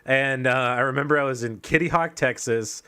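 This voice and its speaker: Bright-voiced man telling a rambling story. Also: medium pitch, normal speed, smooth. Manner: rambling, profane, self-mocking storytelling with frequent fillers. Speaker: podcast co-host telling a story. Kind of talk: casual chat.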